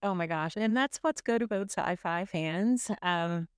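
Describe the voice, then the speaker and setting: A woman's voice: lowish voice, a little slow, clear, resonant tone, dry recording, clean studio sound. A woman hosting a podcast interview, reacting effusively to her guest. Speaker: podcast host.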